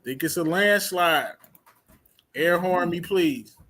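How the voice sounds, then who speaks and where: A man's voice: high-pitched, slow pace, pushed and bright. A man hosting a review show in a casual chat, hyping up his big announcements and stretching out titles.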